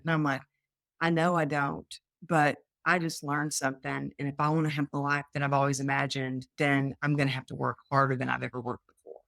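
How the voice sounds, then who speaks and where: A woman's voice: sits low, a little fast, vocal fry, no echo, clean studio sound. A woman from Texas, a guest on an interview show, telling her own story with energy and acting out the voices she quotes. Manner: animated, acts out quoted voices.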